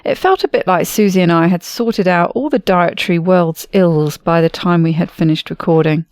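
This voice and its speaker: A British woman hosts a podcast, moving from a read introduction to friendly, easy conversation. Her voice sits low and has a gravelly fry. The sound is dry and close, with no room around it. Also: moderate pace, a little mellow, no room sound. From Britain. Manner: friendly, chatty, laughs often. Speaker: podcast host. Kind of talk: scripted intro then casual interview chat.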